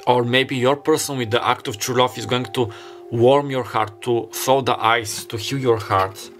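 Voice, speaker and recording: A man's voice: mid-range voice, steady tone, moderate pace, a bit bright, soft background music. Earnest rambling male tarot reader. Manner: rambling, stops and restarts, heavy use of "like"; earnest and openly emotional. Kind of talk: pick-a-card tarot reading.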